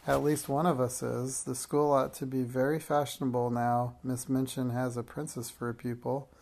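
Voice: medium pitch, flat delivery, moderate pace, creaky, darkish tone. A sneering, spiteful schoolgirl, as a storybook reader puts her on, her words dripping with mockery. The voice stays close to the reader's own, only a touch raised when she snaps. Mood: mocking. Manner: sneering and mocking.

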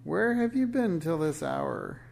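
A man's voice: unhurried, creaky, a little mellow. A man voicing a cruel old witch woman who screeches and snarls threats in a storybook reading. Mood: screeching. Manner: shrill, snarling and menacing.

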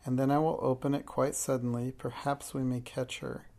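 Brief: earnest storybook schoolgirl, confiding and calm, read by a man with a gravelly voice. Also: medium pitch, moderate pace, lightly acted. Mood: whispering. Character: thoughtful, imaginative young schoolgirl.

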